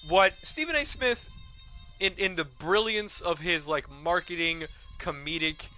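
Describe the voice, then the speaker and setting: A man's voice: fairly high pitch, measured pace, sharp tone, faint music behind, rough recording. A young man streaming a video game, chatting casually in a profane, rambling, digressive rant. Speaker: gaming streamer.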